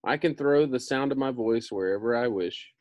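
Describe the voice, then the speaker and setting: A man's voice: medium pitch, normal speed, a little mellow, no echo, lightly acted. A man voicing a small old male humbug wizard, sheepish, read in a plain, mild way. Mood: explaining.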